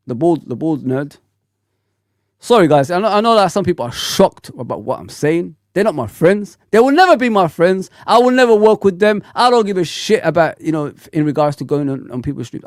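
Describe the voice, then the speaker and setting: A man in his forties hosting a fan livestream, talking bluntly in an animated, ranting way full of slang. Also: a little high, no room sound, studio quality. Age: 40s. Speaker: football fan channel host. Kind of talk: casual livestream rant.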